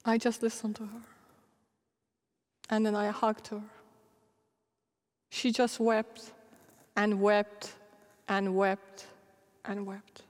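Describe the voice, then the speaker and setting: A middle-aged woman preacher telling animated, laughing stories in a sermon. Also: medium pitch, slow pace, long pauses. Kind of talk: storytelling sermon. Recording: long hall reverb.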